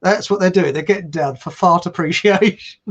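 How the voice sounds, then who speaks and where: High-pitched and fairly bright, this man speaks at a moderate pace on a muffled recording. He hosts a casual, rambling live stream of his own, reading viewer comments aloud and laughing at the jokes he makes.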